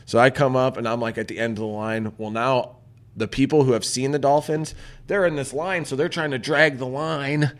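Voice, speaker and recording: Profane, animated male storyteller. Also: medium pitch, normal speed. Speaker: podcast host. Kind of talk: casual storytelling chat.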